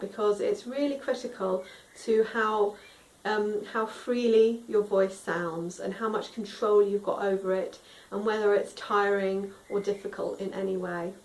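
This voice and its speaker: Here a singing teacher with a medium-pitched, darkish voice explains vocal tone in a friendly, instructive way, singing example tones as she goes. The recording is roomy and echoey, with her positioned far and a little off mic.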